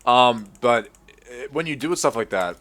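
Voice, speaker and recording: A young Australian man with a mostly American-sounding accent, chatting casually and sweary over gameplay, now and then shouting excitedly at the game. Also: mid-range voice, a little slow. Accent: American-sounding with bits of Australian. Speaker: gaming video host.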